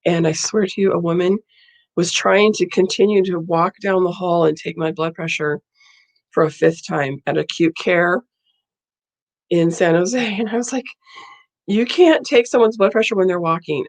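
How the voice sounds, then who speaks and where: A woman's voice: on the low side, moderate pace. A woman vlogger telling a story in a casual, blunt and indignant way.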